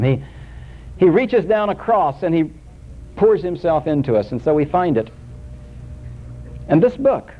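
A man preaching a sermon, swinging between soaring emphasis and hushed, low scripture quotations. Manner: dramatic rises and drops, quoting scripture in a hushed low voice. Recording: dull lo-fi recording.

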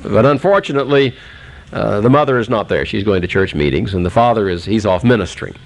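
Gravelly-voiced man telling a folksy sermon story. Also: on the low side, animated, fast talker. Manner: folksy, humorous, many fillers.

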